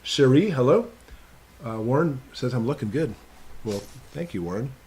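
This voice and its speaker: A man's voice: medium pitch, animated, moderate pace, darkish tone, slight background noise. A man hosting a casual live stream Q&A, reading viewers' names off his computer and greeting each one in an upbeat, chatty way.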